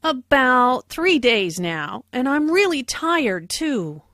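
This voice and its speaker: A woman playing Anna, a customer and patient, in a slow, clearly enunciated scripted language-learning dialogue. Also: sits high, sing-song, pushed and bright, no echo, clean studio sound, heavily acted. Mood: tired.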